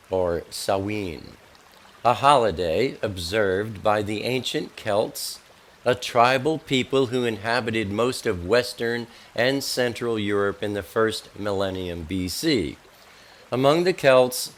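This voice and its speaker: A male minister teaches in a slow, measured voice, with a pitch that sits in the middle of the range. He reads history and scripture aloud deliberately and gives each phrase a cautioning weight. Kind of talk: teaching talk.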